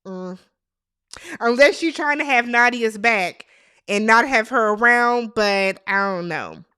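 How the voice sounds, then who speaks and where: A woman's voice: a little high, lively intonation, slow, bright, forceful tone, smooth, dry recording, studio quality. A woman hosting a casual, gossipy TV recap, talking straight to her viewers with strong opinions. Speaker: TV show recap host.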